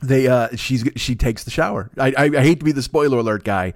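A man hosting a podcast, telling stories in a rambling, profane, excitable comedic monologue. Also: mid-range voice, a little fast, dry recording, studio quality. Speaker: podcast host.

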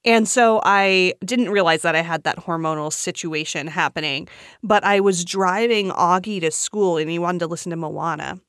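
30s woman chatting easy, laughs a lot, lowish voice, dry close mic. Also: normal speed, smooth, dry recording. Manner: relaxed, laughs often. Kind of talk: casual chat.

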